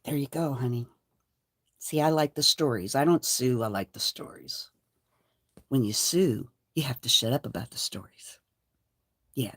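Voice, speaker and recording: An older woman hosting her own channel, delivering a defiant, profane rant to the camera. She moves between low mutters and loud, heated outbursts. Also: husky, dry recording, studio quality. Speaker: channel host. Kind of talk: angry livestream rant.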